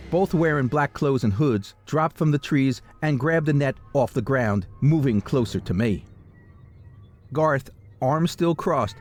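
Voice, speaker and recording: A man reading a first-person fantasy story aloud in a steady, dramatic storytelling manner. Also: mid-range voice. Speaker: audiobook narrator.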